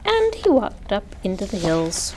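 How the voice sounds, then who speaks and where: A woman reading a children's picture book aloud with expressive delivery. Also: mid-range voice, measured pace, a little hiss or hum, low-quality recording. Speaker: story reader. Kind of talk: children's storytime read-aloud.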